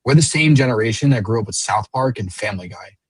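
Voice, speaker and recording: A man's voice: mid-range voice, animated, fast, slightly rough, dry recording, poor audio. A man in his late twenties, blunt and combative in a heated panel debate. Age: late 20s. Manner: blunt and combative, mocking voices. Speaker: panel guest.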